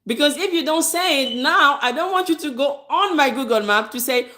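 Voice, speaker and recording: A woman's voice: high voice, animated, normal speed, hardly any pauses, bright, forceful tone. A woman who runs a business, talking straight to viewers in a casual advice monologue. She is direct and emphatic, repeats her key points, and laughs lightly between them. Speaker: business owner giving advice; hair braider.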